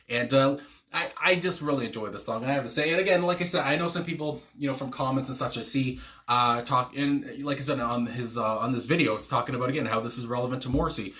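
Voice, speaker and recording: A man chats casually through a music reaction, rambling and restarting his sentences, with lots of fillers and small chuckles. His voice sits at an ordinary pitch for a man, with a bright, forceful edge. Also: fast. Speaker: music reaction channel host.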